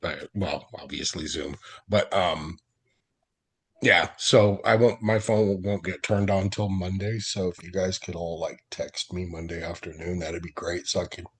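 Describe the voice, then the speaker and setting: A man's voice: sits low, steady tone, unhurried, fairly bright tone, husky. A man from the United States chatting casually and laughing often as he tells a story, heard over a video call. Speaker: participant in an online group chat. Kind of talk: casual chat.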